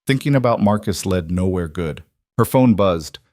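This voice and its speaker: Low-voiced man narrating a dark story. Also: lively intonation, normal speed, no room sound.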